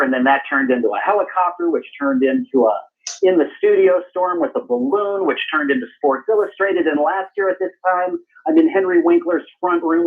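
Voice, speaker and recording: A man calling into a radio show and rambling about his own past wins. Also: a little high. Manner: rambling, self-promoting. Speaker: caller. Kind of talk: call-in pitch. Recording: tinny phone line.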